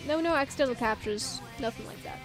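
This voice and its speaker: A woman's voice: sits high, quick pace, over music. A woman game streamer chatting casually on a live stream at home, rambling through opinions and reading chat aloud. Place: home room.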